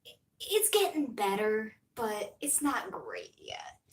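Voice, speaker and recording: A woman's voice: medium pitch, wildly swooping pitch, takes it slowly, reverberant, a little hiss or hum. A young American woman streaming, chatting casually in a rambling way, full of fillers and laughs. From United States.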